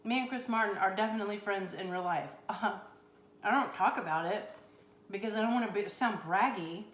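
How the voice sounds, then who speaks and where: A woman's voice: mid-range voice, fairly quick, a bit bright, reverberant. A woman hosting a comedic cooking show on a live stream, rambling through a mock-boastful, tongue-in-cheek story.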